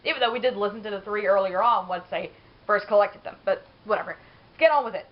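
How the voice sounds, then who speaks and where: A woman's voice: mid-range voice, fast, muffled recording. A woman giving casual, rambling gameplay commentary, chatty and laughing often.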